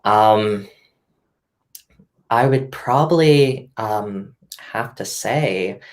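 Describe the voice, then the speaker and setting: A young woman speaking as a guest on a live panel. She talks thoughtfully and hesitantly, pausing with many ums. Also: a bass voice. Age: young adult.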